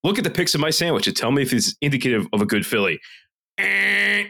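A man's voice: a little high, sing-song, fast talker, creaky, pushed and bright. A man co-hosting a casual podcast, ranting with a lot of swearing and reading reviews aloud. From Philadelphia area. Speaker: podcast co-host.

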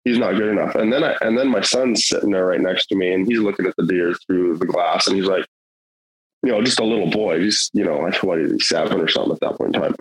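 A man's voice: sits low, fast talker, husky, low-quality recording. A middle-aged man telling a hunting story in casual, rambling, earnest talk, with many fillers and restarts.

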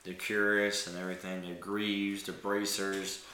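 Brief: man as game master, easygoing descriptive narration, low bright voice, roomy sound. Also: unhurried. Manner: relaxed, descriptive narration with frequent laughs.

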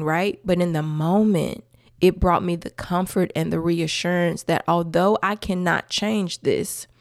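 A woman's voice: on the low side, no echo, studio quality. A woman hosting a podcast, sharing her faith testimony in a conversational, emphatic way with asides to her listeners and frequent laughter. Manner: expressive and emphatic, with church-style asides to listeners; laughs often while telling her story.

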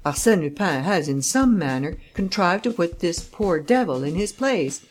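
A woman voicing a grave male detective who gives his testimony in a solemn, deliberate way. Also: lowish voice, animated, soft background music, natural voice.

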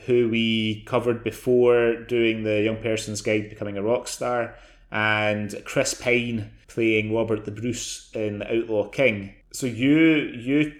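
A man co-hosting a podcast, chatting casually about a film and often repeating words as he goes. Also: fairly low pitch. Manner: conversational, stumbles and repeats words. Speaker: podcast co-host. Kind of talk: casual film-review chat.

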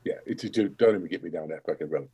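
A man's voice: sits low, fast, dark tone, breathy edge. A man who works as a paramedic, talking casually in a blunt way, swearing, and dropping into quoted voices. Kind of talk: casual chat.

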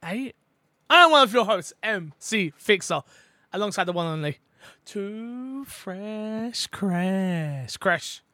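A man's voice: high-pitched, normal speed, no echo. A man with a British accent co-hosting a gaming podcast, chatting casually and playfully. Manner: playful, animated, jokes and does voices. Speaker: podcast co-host.

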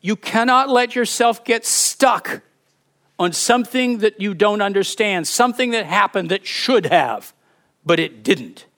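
High-voiced man preaching emphatically. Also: unhurried. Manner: emphatic, expressive preaching, reads scripture aloud. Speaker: pastor. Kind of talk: sermon.

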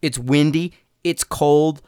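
A man's voice: fairly high pitch, steady tone, slow pace, warm tone, clear, resonant tone, dry recording, clean studio sound. A man hosting a casual solo podcast, rambling and joking with lots of stammered restarts. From Denver area, USA. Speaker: podcast host. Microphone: podcast mic.

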